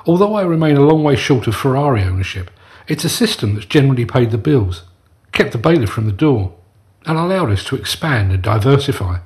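A man's voice: mid-range voice, big pitch swings, a little fast, a little mellow. Angry man hosting a rant podcast. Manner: angry, emphatic ranting delivery. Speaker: podcast host. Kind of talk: scripted podcast monologue.

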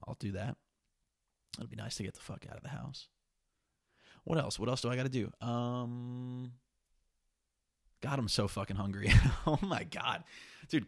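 Gravelly young man rambling on a podcast. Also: mid-range voice, dry recording, clean studio sound. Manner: rambling, profane and restless. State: sniffly. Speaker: podcast host. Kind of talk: casual solo podcast monologue.

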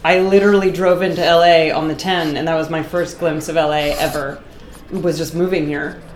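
A middle-aged woman from Boston, a guest artist chatting casually in an interview, animated and talkative, laughing often. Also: low voice, normal speed, echoey room, a little hiss or hum. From Boston, USA.

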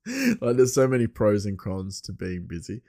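A man's voice: on the low side, wildly swooping pitch, a little slow, warm tone, no room sound, clean studio sound. An Australian man hosting a podcast on his own, chatting casually, laughing often and wandering into asides. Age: adult with a young son. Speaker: podcast host. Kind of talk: casual rambling monologue.

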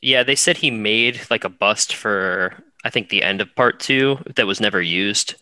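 Sharp-voiced man cracking wry jokes. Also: fairly low pitch, moderate pace, dry recording. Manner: joking, wry asides. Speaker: podcast co-host. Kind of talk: casual chat.

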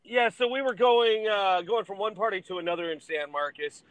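A man's voice: high voice, moderate pace, a bit bright, no echo, poor audio. A middle-aged man, a podcast guest, telling rambling stories in casual chat. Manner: rambling anecdotes with fillers and restarts. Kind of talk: casual storytelling.

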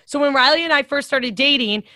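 Bright high-voiced woman chatting. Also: a little fast, no echo. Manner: animated storytelling, laughs often, swears casually. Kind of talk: casual chat.

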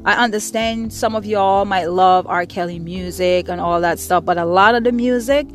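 Middle-aged woman host, angry and profane, repeating her points hard, mid-pitched voice, soft music behind. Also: normal speed. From Caribbean. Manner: angry, profane, repetitive emphatic speech. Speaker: podcast host. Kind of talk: impassioned monologue.

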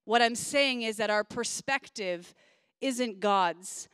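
A woman in her forties giving a sermon built around a personal story, chatty, often laughing and quick with asides. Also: a little high, a bit bright, clear, resonant tone, dry recording, clean studio sound. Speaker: pastor.

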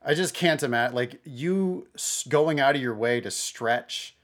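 Laughing, animated man co-hosting a podcast. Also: mid-range voice, a little slow. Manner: animated, laughing, self-interrupting. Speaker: podcast co-host. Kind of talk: casual podcast chat.

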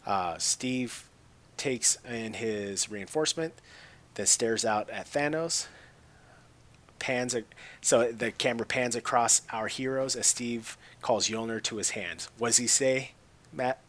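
Male co-host, mid-pitched voice, chatty and easily amused while reading scene beats. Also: slow pace, fairly bright tone. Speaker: podcast co-host. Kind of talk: casual retelling of a movie.

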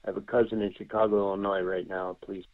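A man's voice: lowish voice, level tone, rapid-fire. An older retired man calling in to a show, friendly and plain-spoken. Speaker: caller. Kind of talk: phone-in call. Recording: tinny phone line.

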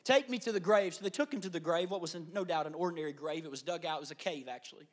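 A man pastor delivering an animated sermon, dropping to hushed asides and rising to loud emphasis. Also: a little high, racing.

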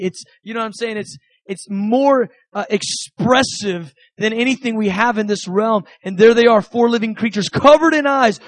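High-voiced man preaching earnestly. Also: no echo, poor audio. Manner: earnest and conversational, with repeated phrases. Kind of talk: sermon.

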